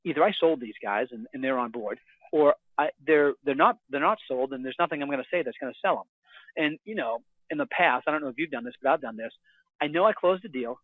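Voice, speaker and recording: Male investor guest, rapid salesman patter, tinny phone-line sound. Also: no echo. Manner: energetic salesman pitch with restarts. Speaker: real estate investor guest. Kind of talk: phone interview storytelling. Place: hotel room.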